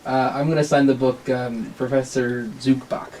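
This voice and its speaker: A man's voice: mid-range voice, flat delivery, normal speed, a little mellow, recorded from a distance, slight background noise, poor audio. A man taking part in a tabletop game, playful and a little hesitant. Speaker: player.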